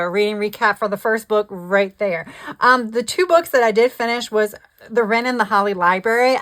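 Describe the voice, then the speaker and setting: A woman's voice: mid-range voice, fairly bright tone. A woman chatting casually about her reading, laughing often and trailing off mid-thought. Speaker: book vlogger. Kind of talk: casual chat.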